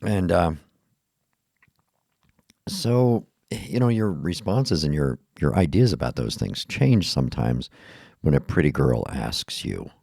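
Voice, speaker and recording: Very deep gravelly tired man. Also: very animated, slow pace, a little mellow, no room sound, clean studio sound. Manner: rambling, self-deprecating, laughs often. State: tired, yawning. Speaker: podcast host. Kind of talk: casual monologue.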